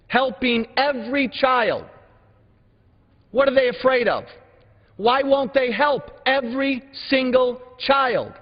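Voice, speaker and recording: A man giving a combative floor speech as a congressman, firing off rhetorical questions. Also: very high-pitched. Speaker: congressman speaking in floor debate. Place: large legislative chamber. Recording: dull broadcast sound with long hall reverb.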